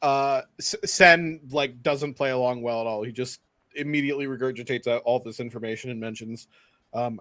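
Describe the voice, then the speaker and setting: Brief: a wry, laid-back tabletop player, a man with a bright voice, dry close sound. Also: mid-range voice, normal speed, no echo. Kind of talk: casual tabletop play.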